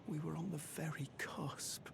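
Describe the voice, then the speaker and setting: A man's voice: fairly high pitch, unhurried, vocal fry, whispered. An actor playing a devoted young male cleric who frets over his silent master, speaking in earnest, formal game dialogue. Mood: anxious. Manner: earnest, fretful, formal speech. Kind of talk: video game character dialogue. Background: loud game music.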